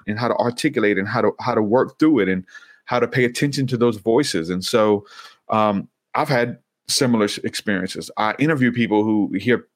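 A man speaking as an interview guest, earnest and halting, often repeating words as he tells his story. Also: mid-range voice, no room sound, studio quality. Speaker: interview guest, Christian minister. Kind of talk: casual interview conversation.

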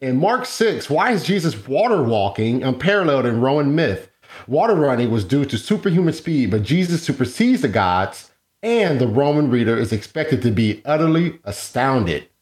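A man putting audience questions to the debaters, reading them out and slowing on Greek terms. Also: mid-range voice, very animated, darkish tone. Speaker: moderator relaying questions.

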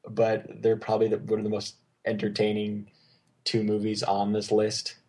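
A man's voice: fairly low pitch, monotone, moderate pace, a little mellow, slightly rough. A man co-hosting a casual movie chat, rambling and enthusiastic, full of fillers and restarts. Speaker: podcast co-host.

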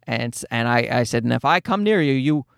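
A man's voice: medium pitch, lively intonation, brisk, gravelly, clean tone, dry recording, clean studio sound. A man, telling a personal story in a heated, casual ranting way. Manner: heated, ranting, quotes others in his own voice.

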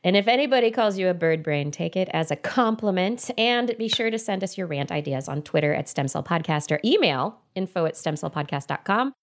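A woman's voice: fairly low pitch, fairly quick, few pauses. A middle-aged woman co-hosting a podcast, telling stories in casual chat and laughing often. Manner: animated storyteller, laughs often. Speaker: podcast co-host.

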